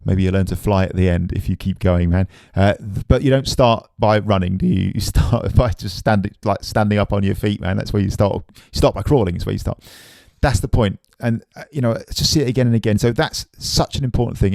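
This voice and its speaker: Laid-back guy teaching drums, mellow low-key voice, dry close sound. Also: brisk, gravelly, no room sound. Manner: relaxed, chatty, keeps saying "man". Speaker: drum teacher. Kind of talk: casual spoken drum lesson.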